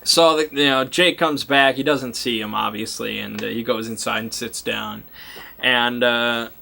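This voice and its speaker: A man's voice: medium pitch, fairly even intonation, a little slow, gravelly, pushed and bright, slight background noise. A man recapping a tabletop game session as its game master, rambling and often stopping to hunt for names. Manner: rambling and self-interrupting, often loses track of names. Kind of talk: casual storytelling recap.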